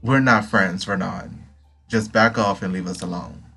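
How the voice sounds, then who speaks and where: A man's voice: lowish voice, unhurried, bright, forceful tone, soft background music. A man reading as an angry young guy.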